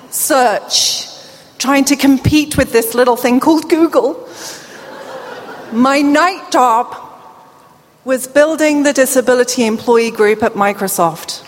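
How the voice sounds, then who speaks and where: A woman's voice: high-pitched, a little hiss or hum. A British woman in her forties speaking with a deaf accent, giving a playful keynote speech to a crowd in a large hall. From England. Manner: chatty and playful, engaging the crowd. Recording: echoey hall, amplified speech.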